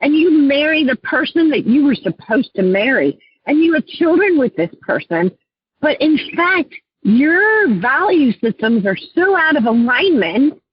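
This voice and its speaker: A woman life coach, a guest on an interview show, telling her clients' stories in an earnest, heartfelt way and often clearing her throat. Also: high-pitched, very animated, measured pace, no room sound, highs cut off.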